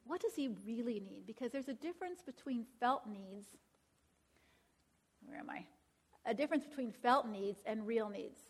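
In a slightly high, animated voice with a bit of roughness, a woman teaches a Christian counseling class at a moderate pace. Her delivery is conversational, with frequent "all right?" and "right?" check-ins and scripture quoted aloud.

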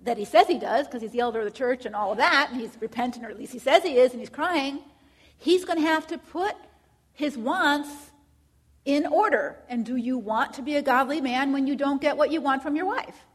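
Lady teaching a counseling class, slightly high voice, keeps asking "right?". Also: brisk. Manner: asks many rhetorical questions, acts out clients.

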